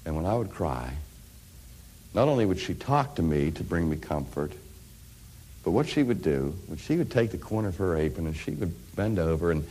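A middle-aged man preaching a sermon, telling stories and swinging from hushed, quiet phrases to loud, rising climaxes. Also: sits low, big pitch swings, normal speed.

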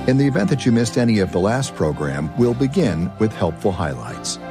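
A man with a low, gravelly voice gives a scripted radio introduction in a smooth announcer's delivery. His voice moves up and down expressively, with music clearly underneath. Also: very animated, a little fast.

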